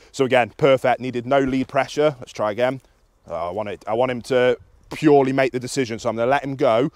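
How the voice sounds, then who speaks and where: A young man, a dog trainer, explaining a recall session in a calm and practical way, outdoors in an open field. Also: a little fast, no echo. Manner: explains calmly, then bursts into high excited praise for the dog.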